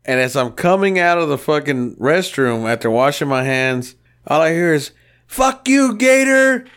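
A man's voice: mid-range voice, normal speed, fairly bright tone, smooth. Profane, rowdy man telling shop stories. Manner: profane, rowdy storytelling with acted-out quotes. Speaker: podcast co-host. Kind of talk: casual chat.

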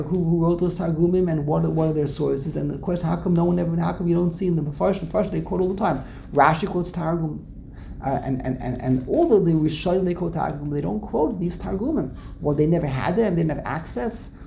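A man's voice: on the high side, vocal fry, warm tone, slight background noise. A man teaching a casual Torah class to a small group, digressive, often repeating himself and restarting sentences.

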